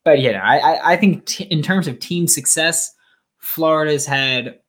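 A man's voice: a little high, normal speed, a bit bright. A young man hosting a sports podcast, talking casually and rambling with many fillers and restarts. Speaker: podcast host.

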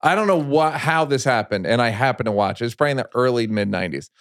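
A man's voice: mid-range voice, quick pace, dry recording, clean studio sound. A middle-aged man hosting a podcast, telling stories with jokey asides. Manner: animated storyteller, jokey asides. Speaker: podcast host. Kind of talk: casual podcast conversation.

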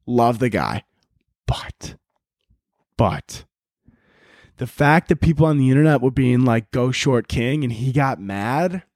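A man's voice: mid-range voice, big pitch swings, takes it slowly, pauses often, darkish tone, dry recording, clean studio sound. Profane young man ranting on a podcast. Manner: profane, rambling, goes off on tangents. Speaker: podcast host and comedian. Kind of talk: casual solo podcast rant.

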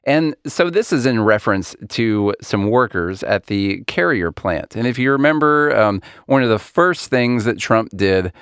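A man's voice: lowish voice, expressive, a little slow, few pauses, fairly bright tone, clean tone, no echo, studio quality. A man co-hosting a casual political podcast, laughing often and reading an article aloud to his co-hosts. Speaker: podcast co-host.

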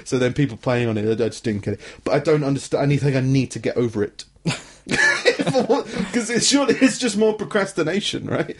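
A man's voice: fairly high pitch, big pitch swings, fairly quick, slightly rough. A young man co-hosting a casual comedy podcast, rambling, restarting his sentences and laughing often. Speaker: podcast co-host.

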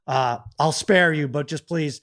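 Man co-host, middle-aged, self-mocking storyteller with a slightly high voice. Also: a little slow, fairly bright tone. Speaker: podcast co-host. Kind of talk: casual chat.

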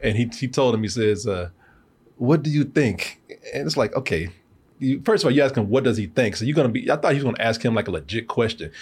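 A man's voice: medium pitch, quick pace, slightly rough. A man hosting a movie review show, telling stories in casual chat, laughing often and acting out quotes. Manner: laughing, animated storytelling, acts out quotes.

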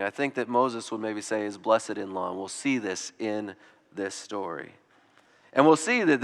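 An adult male pastor with children of his own preaches a sermon in a big-sounding room. His medium-pitched, fairly bright voice stays conversational, and he acts out short quotes.

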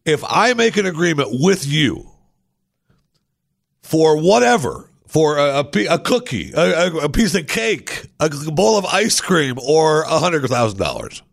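A man's voice: fairly high pitch, big pitch swings, a little slow, creaky, dry recording, studio quality. A man hosting a talk show, giving opinionated political commentary with indignant, sarcastic asides.

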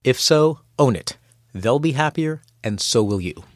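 A man's voice: mid-range voice, animated, unhurried, no echo, clean studio sound, faint music behind. A man coaching and hosting a scripted podcast, in a wry, playful manner. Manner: wry, playful, acts out quoted voices. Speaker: executive coach and host.

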